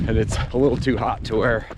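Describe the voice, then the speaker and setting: A man filming himself during an ultramarathon, chatting casually and upbeat about the race and his mishaps. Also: lowish voice. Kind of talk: casual on-the-trail vlog. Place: outdoors on a desert island trail. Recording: outdoor background noise.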